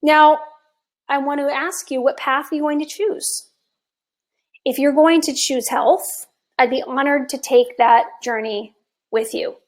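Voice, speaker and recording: A woman in her fifties with a high voice, talking as a health coach on a live stream. She is chatty and enthusiastic. Her voice is a little hoarse from long talking. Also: measured pace. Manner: enthusiastic, chatty, with occasional laughs.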